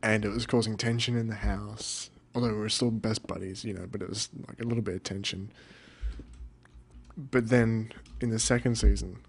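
A young man rambling through casual let's-play commentary, deadpan and cursing now and then. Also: on the low side, normal speed, a little hiss or hum. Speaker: gamer.

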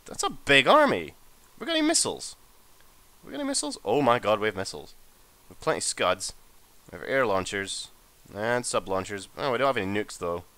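Young man, low voice, bright tone, casual gameplay commentary, swearing, joking, excitable. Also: a little fast, pauses often. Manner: excitable, joking and profane, with sudden high-pitched outbursts. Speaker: gamer and channel host. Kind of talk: casual strategy-game commentary.

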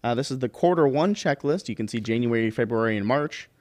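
A man hosting a casual livestream chat, easygoing and hesitant, often pausing on filler sounds. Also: medium pitch, lively intonation, darkish tone. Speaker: livestream host.

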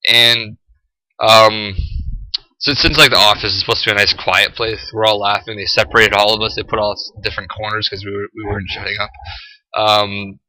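A teenage high school boy ranting to camera, profane and exasperated, full of "like" and "freaking". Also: level tone, fairly quick, bright, forceful tone, no room sound, low-quality recording. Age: teens. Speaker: high school student vlogger.

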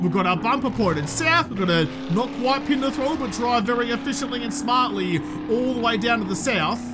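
A woman with an Australian accent giving chatty, excitable gameplay commentary and talking to the characters on screen. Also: fairly high pitch. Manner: chatty and excitable, talks to the game and her companion. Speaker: gaming video creator. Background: game music.

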